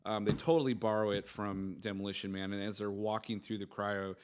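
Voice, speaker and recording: Excitable young man laughing through movie chat. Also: on the low side, a little fast, clean tone. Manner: excitable, laughs often, quotes movie lines in character. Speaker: podcast co-host. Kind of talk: casual chat.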